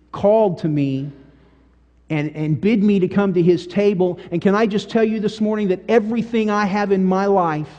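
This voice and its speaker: Preacher guy, pretty high voice, big echo in the church. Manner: emphatic, animated storytelling with big swings in volume. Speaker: pastor. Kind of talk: sermon. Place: church sanctuary. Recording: long church-hall reverb.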